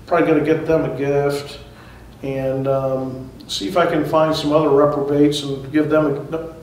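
A man's voice: a little high, flat delivery, moderate pace, darkish tone, a little hiss or hum. A man giving a conversational sermon as pastor, chuckling at his own asides. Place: church sanctuary. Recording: echoey church hall, mic far off.

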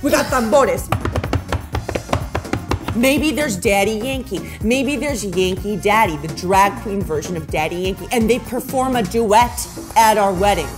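A young woman playing an excitable bride in a comedy sketch, rattling off plans and dropping Spanish phrases into her English. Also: mid-range voice. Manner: excitable and rapid-fire, veering into loud outbursts. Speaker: bride planning a wedding. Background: music.

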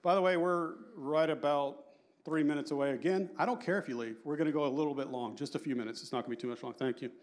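A man in his fifties giving a lively, joking conference talk and quizzing the audience. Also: a little high, fast talker. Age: 50s. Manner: animated and joking, asks the audience questions. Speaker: conference speaker.

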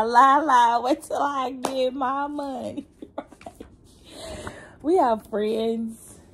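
A woman giving a casual spiritual card reading, animated and slangy, humming and laughing between lines. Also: medium pitch, gravelly, slight background noise. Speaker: tarot reader.

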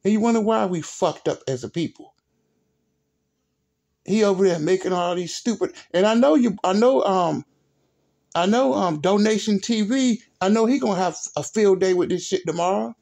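A man's voice: high voice, normal speed, creaky, darkish tone. A man hosting a sports vlog, ranting in an exasperated, repetitive, profane way with speech. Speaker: sports video host.

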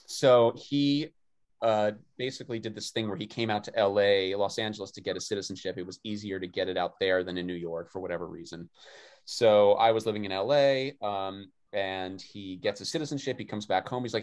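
A man hosting a casual video chat, telling quick animated anecdotes. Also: on the low side. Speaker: host. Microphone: video call mic.

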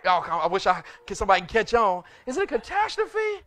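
A male pastor preaching a sermon, driving it with repeated rhetorical questions, call-and-response, and sudden shouts. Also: sits high, wildly swooping pitch, brisk, few pauses.

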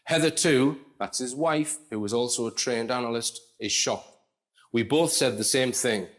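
A man talks through his commentary in a casual, conversational way at a mid pitch. He reads quotes aloud and breaks off for asides to the listener. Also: moderate pace. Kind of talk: explanatory commentary.

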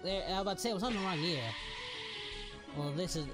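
A performer voicing Goku, an excitable young male martial-arts hero, cheering and shouting through in-character reaction commentary. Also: mid-range voice, quick pace, close to an everyday voice. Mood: hyped. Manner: hyped, shouting, cheering at the screen. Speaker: reaction channel host. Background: music.

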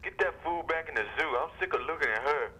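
A man's voice: fairly high pitch, animated, fast, sharp tone, slightly rough, poor audio. A man calling in, blunt and irritated. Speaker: caller. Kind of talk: phone call-in.

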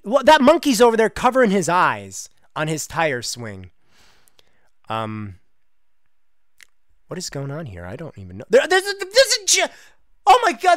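A man hosting a gaming channel, giving casual, sarcastic commentary with loud outbursts of disbelief. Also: a little high, measured pace, no echo, clean studio sound. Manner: animated, exclamatory, sarcastic asides. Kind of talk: casual let's-play commentary.

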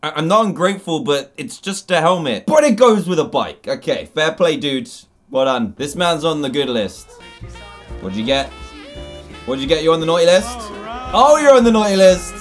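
A young English man hosting a reaction video, talking animatedly and laughing as he comments on clips. His voice sits a little high and swings widely in pitch. Faint music plays behind him. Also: lively intonation, normal speed. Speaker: YouTube host.

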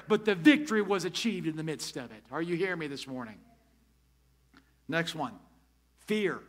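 Male pastor, high bright voice, emphatic sermon delivery in church. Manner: emphatic preaching, asks the congregation questions. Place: church sanctuary.

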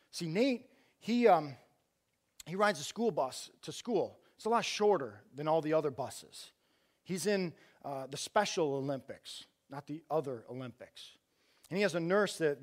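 A middle-aged man preaching a conversational sermon in a church, arguing with rhetorical questions and often restarting his sentences. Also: high-pitched. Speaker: church outreach director preaching.

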